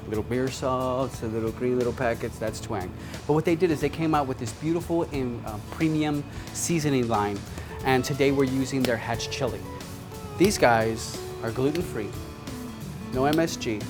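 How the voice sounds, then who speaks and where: A man hosting a cooking show, chatting upbeat to the viewer as he cooks. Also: mid-range voice. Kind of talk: casual cooking demonstration. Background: sizzling pan and background music.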